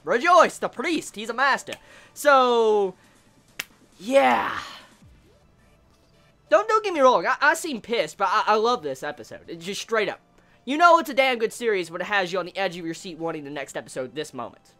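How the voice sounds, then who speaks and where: A woman's voice: medium pitch, very animated, normal speed, fairly bright tone, faint music behind. A woman giving a casual ranting review, exasperated, stammering and swearing a lot. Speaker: anime reviewer.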